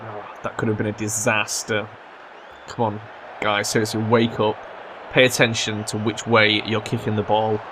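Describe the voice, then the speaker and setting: A young man commentating his own football management game, swearing and yelling at his players when they mess up. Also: fairly low pitch, completely flat delivery, normal speed, background noise. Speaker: gaming commentator. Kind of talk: let's play commentary.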